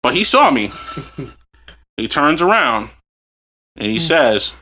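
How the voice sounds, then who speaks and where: A man on a podcast spins a story in an easygoing, comic way, laughing as he goes and cursing without a second thought. His voice sits a bit high and rings bright and forceful, and it leaps up and down all through the telling. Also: slow pace. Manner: animated, laughs while telling, swears freely. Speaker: podcast co-host. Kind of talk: casual comedic storytelling.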